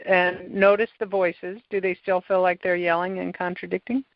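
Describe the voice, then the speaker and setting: A woman hosting a podcast, calmly guiding a client through a tapping session step by step. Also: on the low side, normal speed, dry recording. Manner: calm, coaching, gives step-by-step prompts. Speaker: tapping practitioner and podcast host. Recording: dull, lo-fi sound.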